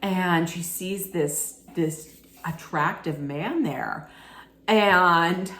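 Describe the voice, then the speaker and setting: A woman vlogger gives casual commentary in a slow, unhurried way. She tells it like frank gossip and speaks straight to her viewer. The room around her rings with echo. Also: on the low side, animated, bright, forceful tone. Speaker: vlogger reviewing a documentary. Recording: echoey room.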